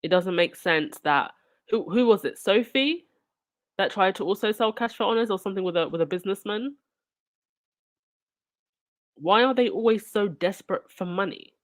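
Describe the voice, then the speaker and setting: A woman's voice: mid-range voice, moderate pace, pauses often. A woman reading news aloud and breaking off into sarcastic, indignant asides as a channel host. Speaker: royal news commentator.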